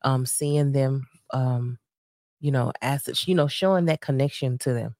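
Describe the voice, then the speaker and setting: A woman's voice: a bass voice, unhurried, a little mellow, no echo, clean studio sound. A woman co-hosting a podcast with her husband, chatting casually with a laughing, lightly sarcastic manner. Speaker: podcast co-host.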